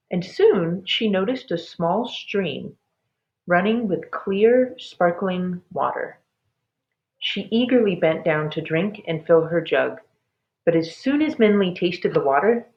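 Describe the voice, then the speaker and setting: A woman reading a children's chapter book aloud with expressive storytelling. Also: on the low side, slow pace. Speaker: storybook reader. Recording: dull lo-fi recording.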